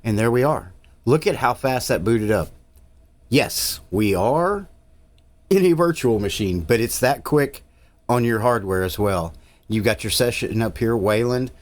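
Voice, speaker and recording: A man's voice: medium pitch, animated, a little slow. A man, narrating a casual tech tutorial in an easygoing, rambling way with frequent uhs. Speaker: tech channel host.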